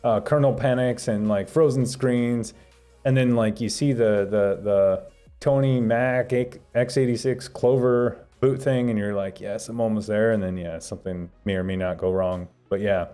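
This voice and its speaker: A man's voice: medium pitch, steady tone, measured pace, dark tone, clean tone, soft background music. A young adult man hosting a live stream, reading chat questions aloud and rambling through answers with lots of fillers and restarts. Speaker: livestream host reading chat.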